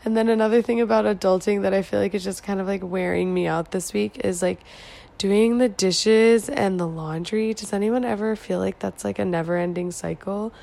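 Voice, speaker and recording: Tired young woman rambling, vocal fry. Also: medium pitch, fairly even intonation, moderate pace, mellow. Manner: rambling, musing, heavy filler "like". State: tired, yawning late at night. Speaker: vlogger. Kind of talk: casual chat.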